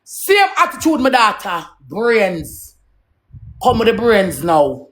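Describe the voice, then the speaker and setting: A woman's voice: mid-range voice, big pitch swings, slow. A woman with a Jamaican accent in a heated, profane, preachy rant to her viewers.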